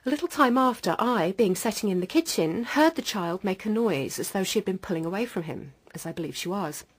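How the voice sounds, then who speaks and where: A woman's voice: medium pitch, expressive, a little fast, slightly rough, low-quality recording. A woman reading aloud, in the first person, a mother's sworn court testimony from an old record.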